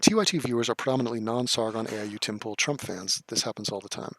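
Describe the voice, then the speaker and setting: A man's voice: fairly low pitch, fast talker, a bit bright, no room sound. A man doing casual live-stream commentary as he reacts to clips, sarcastic, profane and mocking.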